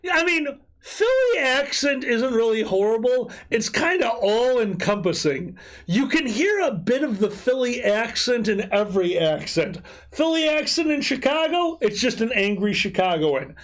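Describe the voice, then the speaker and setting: A drunk man chatting loudly and excitedly, cracking jokes with friends on a stream. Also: very high-pitched, normal speed. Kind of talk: casual drinking-stream chat.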